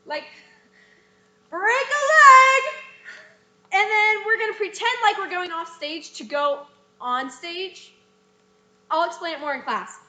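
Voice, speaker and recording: Young woman teacher, very high voice, bright tone, echoey room. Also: normal speed. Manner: acts out lines in playful voices. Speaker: dance and theater teacher. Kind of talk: reading a script to students.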